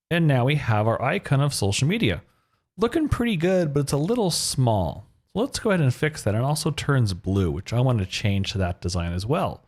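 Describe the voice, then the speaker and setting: Guy teaching web design, bouncy lively voice, upbeat and explaining each step as he codes. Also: mid-range voice. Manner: upbeat, talks through each step as he types. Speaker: web design tutorial host. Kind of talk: screen-recorded coding tutorial.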